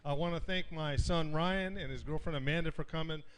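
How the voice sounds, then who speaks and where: A man's voice: a little high, brisk, smooth. A man, a tournament angler, giving plain, modest answers at a weigh-in and thanking his sponsors. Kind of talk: casual interview answers.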